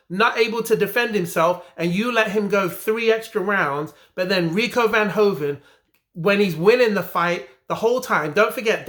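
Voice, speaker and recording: This English vlogger is outraged over a boxing result, and his heated opinion rant keeps returning to the same complaints with emphatic frustration. His voice is high with a fairly bright tone.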